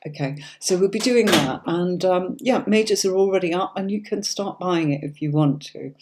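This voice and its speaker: A woman's voice: fairly low pitch, normal speed, noisy background. A middle-aged woman from Yorkshire with a neutral standard British accent, hosting a live-streamed tarot reading in a chatty, reassuring way and often checking in with "okay?". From Yorkshire, England. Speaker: tarot reader and livestream host.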